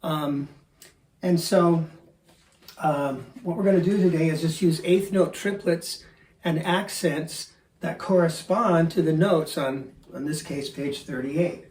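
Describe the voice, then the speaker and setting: A man in his fifties, a drum teacher explaining and counting off exercises step by step in a relaxed way in his studio. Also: fairly high pitch, takes it slowly, slight background noise. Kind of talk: instructional demonstration. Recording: echoey room.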